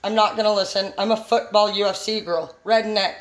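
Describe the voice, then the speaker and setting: A woman's voice: medium pitch, steady tone, a little fast, low-quality recording. Female vlogger, unfiltered and profane, loose rambling delivery. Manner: blunt, heavy swearing, rambling; brash and unfiltered. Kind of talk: casual monologue to camera.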